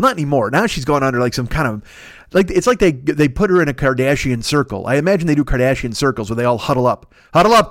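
A man's voice: mid-range voice, no echo, clean studio sound. A man riffing in a rambling, profane comedic monologue as a podcast host, laughing often and correcting himself.

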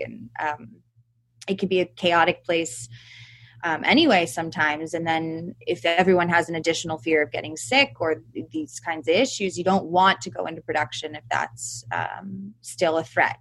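A woman guest, an actress, chatting casually with self-mocking humor and frequent hesitations. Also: lowish voice. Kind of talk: casual chat.

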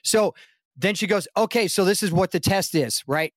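A high-voiced man, a guest actor on a podcast, talks at normal speed through a long anecdote in a casual interview. He brings the story to life by acting out quotes with a raised voice.

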